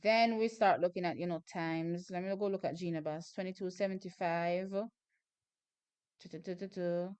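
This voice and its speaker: A Jamaican woman hosting a live watch-party stream, chatting through the races and bursting into excited shouts and laughter. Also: lowish voice, moderate pace, clear, resonant tone.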